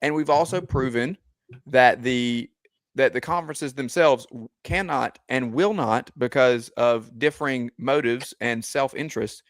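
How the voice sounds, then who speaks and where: A man hosting a sports podcast, talking in a measured way and steering the discussion. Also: medium pitch, no echo. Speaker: podcast host. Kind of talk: casual sports talk.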